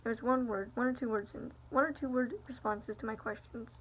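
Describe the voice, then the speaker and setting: A woman's voice: fairly high pitch, fairly even intonation, brisk. A young adult woman telling a personal story in a rambling, confiding way, full of fillers. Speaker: vlogger. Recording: dull lo-fi recording.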